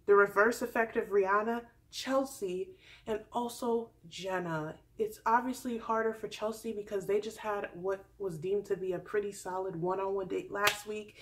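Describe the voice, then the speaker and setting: A woman's voice: mid-range voice, steady tone, normal speed. A woman in her twenties giving a sassy, candid recap in a casual chat with playful asides. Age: 20s. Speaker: vlogger recapping a reality dating show.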